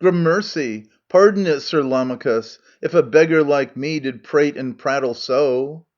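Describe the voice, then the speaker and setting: A man's voice: a little high, unhurried, lo-fi sound, lightly acted. A man voicing a wily, defiant male Athenian farmer who declaims his case in rhyming verse. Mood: cowering.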